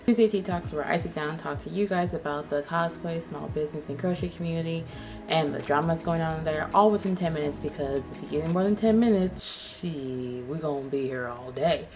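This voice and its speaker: Young woman host, sassy and salty, low-ish voice, faint music under. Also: brisk. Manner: sassy, profane, animated storytelling. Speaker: YouTube host. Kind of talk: casual chat.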